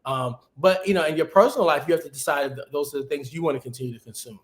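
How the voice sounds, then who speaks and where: Male webinar guest, higher-set voice, lively conversational delivery over a video call. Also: quick pace. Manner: animated, conversational advice-giving. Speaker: guest, TV executive producer. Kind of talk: casual webinar interview.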